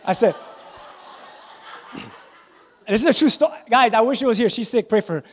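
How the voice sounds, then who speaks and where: A male pastor with a very high voice preaches to his congregation, lively and full of personal stories, calling out for amens. His voice rings with a long reverb from a large church hall. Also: normal speed, a faint crowd. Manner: animated, tells personal stories and calls out to the congregation. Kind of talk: sermon. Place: church sanctuary.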